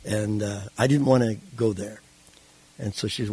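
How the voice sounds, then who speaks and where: A man being interviewed who tells his life story in a casual, animated way and acts out the voices in it. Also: lowish voice, moderate pace, vocal fry, husky, rough recording. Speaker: interview guest.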